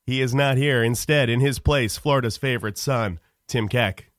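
Man of middling pitch doing a halting, mock-serious comic rant; dry, close studio sound. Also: no echo. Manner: rambling, halting, full of "uh"s. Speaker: radio show guest. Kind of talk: mock-solemn comic monologue. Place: radio studio.

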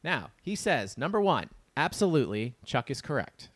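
A man's voice: mid-range voice, sing-song, moderate pace, a bit bright, breathy edge, no echo. A man co-hosting a casual podcast, reading listener emails aloud and chatting with his co-host. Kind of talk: casual chat.

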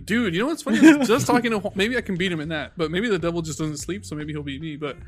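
A young man with a slightly high voice talks loosely on a friends' podcast. He is running on little sleep, teases the others, and swears freely as his stories wander. Faint music sits underneath. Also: racing. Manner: profane, teasing, rambling. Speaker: podcast co-host. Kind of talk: casual chat.

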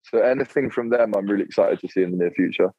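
A man's voice: on the low side, fast talker, no room sound. Laid-back young man, dull audio. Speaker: podcast guest, clothing creator. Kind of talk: casual chat.

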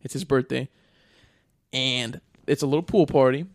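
A man's voice: medium pitch, normal speed, dry recording, clean studio sound. A young man casually retelling a film plot on a podcast, rambling and swearing, with lots of fillers. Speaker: podcast co-host.

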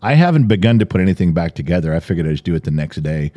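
Mellow-voiced man telling a long story. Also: low voice, sing-song, rapid-fire, lo-fi sound. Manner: rambling, detailed anecdote-telling. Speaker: podcast host. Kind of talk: casual storytelling.

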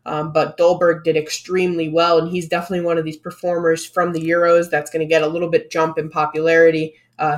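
A podcast co-host giving a steady, methodical run-through of football results in casual chat. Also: medium pitch.

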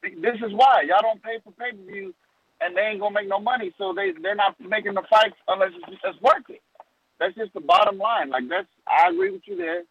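A man's voice: high-pitched, expressive, fairly quick, husky, no echo, narrow, tinny audio. A man calling in to a boxing show, rambling through his analysis and stopping to correct himself. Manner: rambling, self-interrupting analysis. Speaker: caller. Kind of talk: call-in phone talk.

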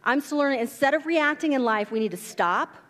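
A woman pastor preaches from the pulpit, telling stories and acting out the people in them. Her voice sits fairly high. It rings with the long reverb of a church hall. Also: brisk. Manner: animated storytelling, acts out quotes. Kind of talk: sermon. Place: church sanctuary.

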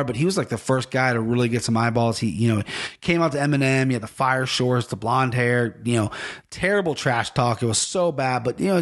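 A man hosting a podcast in casual chat, rambling, correcting himself often and swearing freely. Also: mid-range voice. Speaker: podcast host.

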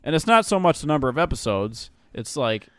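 A man co-hosting an anime podcast, joking loudly and swearing in casual banter. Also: a little high, big pitch swings, a little fast, dry recording. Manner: loud, jokey, swears a lot. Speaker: podcast co-host.

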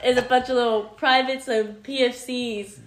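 A woman co-hosting a podcast in casual chat, animated and giggly as she tells stories. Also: a little high, moderate pace. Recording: echoey room with faint noise.

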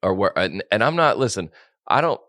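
A man's voice: lowish voice, very animated, brisk, fairly bright tone, no echo, clean studio sound. A man co-hosting a podcast in casual chat, rambling and joking while he corrects himself. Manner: rambling, jokey, self-correcting. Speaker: podcast co-host.

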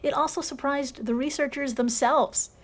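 A woman with a somewhat high voice hosts a casual podcast. She talks in a chatty, irreverent way, swearing and laughing often as she tells the story. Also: fairly even intonation, moderate pace. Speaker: podcast host.

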